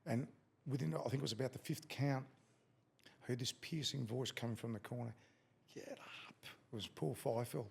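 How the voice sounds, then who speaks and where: A middle-aged Australian man who used to fight is telling a story on a podcast as a guest, in a casual interview, dropping swear words freely and voicing the quotes. His medium-pitched voice is creaky with a breathy edge, fairly even in intonation and a little fast.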